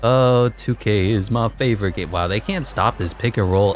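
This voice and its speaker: A man giving casual, excitable commentary over his own gameplay, laughing at the game and mocking himself. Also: moderate pace, hardly any pauses, a little hiss or hum. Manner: excitable, voice jumps high when hyped. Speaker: gaming commentator.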